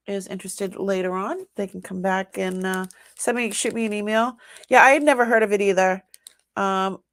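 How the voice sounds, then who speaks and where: Slow, chatty older woman host. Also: medium pitch, gravelly, a bit bright. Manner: chatty, rambling, laughs often. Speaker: live sale host. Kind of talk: casual live-stream selling.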